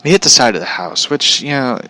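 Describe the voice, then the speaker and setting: A man's voice: mid-range voice, animated, brisk, bright, forceful tone. Profane, aggravated ranting man. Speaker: show host. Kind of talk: ranting storytelling. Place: at home.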